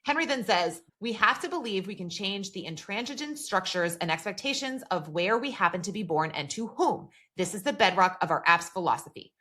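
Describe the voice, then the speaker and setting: A woman co-hosting a podcast walks through a TV episode scene by scene in loose, casual chat. Her voice is bright and sits at an ordinary pitch. She quotes characters' lines and leans on filler words as she goes. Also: expressive, brisk, hardly any pauses. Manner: retells scenes at length, quoting characters, many "like" fillers. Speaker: podcast co-host.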